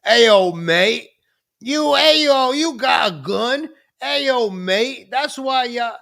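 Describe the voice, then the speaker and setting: A man doing a loud, mocking impression of an Australian man scolding Americans. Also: very high voice, expressive, slow pace, vocal fry, pitched above the performer's own voice, heavily acted.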